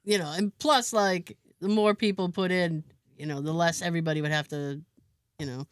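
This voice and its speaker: A woman's voice: on the low side, fairly even intonation, moderate pace, clear, resonant tone, dry recording. A woman co-hosting a podcast, telling a story in casual chat and acting out other people's lines as she goes. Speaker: podcast co-host.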